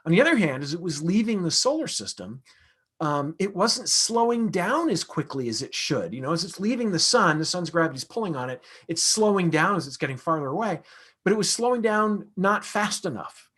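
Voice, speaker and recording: A man with a somewhat high voice talks through astronomy questions in a relaxed lecture style. He explains things conversationally, often pausing on fillers and restarting his sentences as he thinks aloud. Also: breathy edge. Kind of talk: casual lecture question-and-answer.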